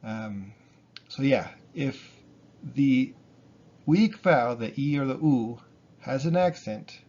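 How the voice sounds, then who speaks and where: A man's voice: mid-range voice, takes it slowly, muffled recording. A man teaching Spanish pronunciation in a casual spoken lesson, explaining patiently and repeating examples. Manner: relaxed, explains with fillers and repetition.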